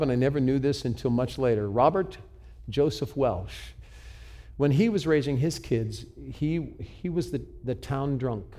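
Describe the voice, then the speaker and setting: A man's voice: medium pitch, darkish tone. A man in his sixties, a pastor telling personal stories in a sermon, earnest and confessional, often restarting his words. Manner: earnest, confessional, with frequent stumbles and repeats. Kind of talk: sermon storytelling.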